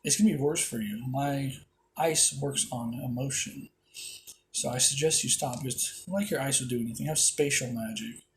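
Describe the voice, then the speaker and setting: A man's voice: mid-range voice, moderate pace, slight background noise, close to an everyday voice, rough recording. A man voicing a hot-headed young male magic knight, who curses and threatens in his own everyday voice. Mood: taunting. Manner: angry, cursing, threatening.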